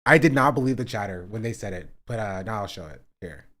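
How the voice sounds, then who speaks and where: A man's voice: on the low side, expressive, quick pace, a bit bright. Sarcastic laughing male streamer. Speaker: livestream host. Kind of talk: casual stream commentary.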